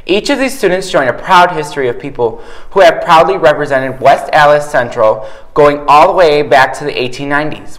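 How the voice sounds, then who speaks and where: A teenage student with a fairly high voice reads the daily morning announcements from a script. His delivery is careful and formal. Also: fairly bright tone, rough recording. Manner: reading from a script. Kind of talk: reading school announcements.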